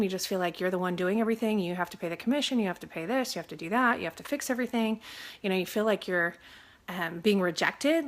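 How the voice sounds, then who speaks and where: A woman's voice: on the low side, fairly bright tone. A woman from Texas who works as a real estate agent, talking casually to camera, chatty with lots of fillers and acting out her clients' voices. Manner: faith-minded, mentions praying.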